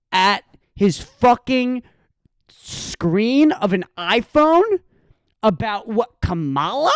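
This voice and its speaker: Profane, mocking young podcast ranter. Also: male voice, sits high, clear, resonant tone, dry recording, studio quality. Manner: profane, mocking, sarcastic rant with sudden shouts. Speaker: podcast host. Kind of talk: solo podcast rant.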